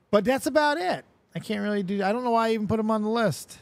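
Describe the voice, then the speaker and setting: A man hosting a casual show, talking in a rambling, profane, excitable way. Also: high-pitched, fast talker, dry recording. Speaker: host. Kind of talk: casual chat.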